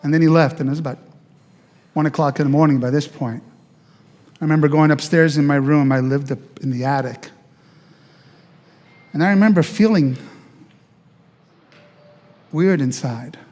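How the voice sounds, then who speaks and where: An older man, a pastor, tells the story of his life in an animated way, with restarts and acted-out quotes. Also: fairly high pitch, moderate pace, long pauses, big-room sound. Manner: animated, acts out quoted voices, many restarts. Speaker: pastor giving his testimony. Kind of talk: personal testimony storytelling. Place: church.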